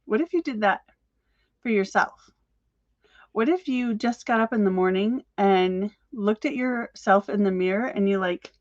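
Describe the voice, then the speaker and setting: Upbeat woman coaching small-business owners straight to camera, rapid and encouraging, dry slightly muffled sound. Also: mid-range voice, no room sound. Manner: energetic, encouraging, talks fast. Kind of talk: motivational talk to camera.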